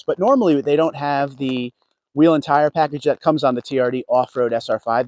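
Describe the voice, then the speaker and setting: A man's voice: medium pitch, a little mellow, no room sound. A man walking a dealership lot on a casual livestream, chatting with viewers and greeting them by name. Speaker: car vlogger. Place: outdoors at a car dealership lot.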